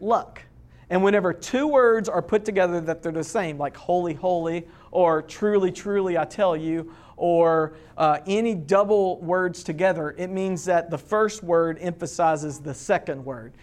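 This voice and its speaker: A man delivers a sermon in a relaxed, conversational manner. He talks to the congregation directly and asks them questions as he preaches. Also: sits high. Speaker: pastor.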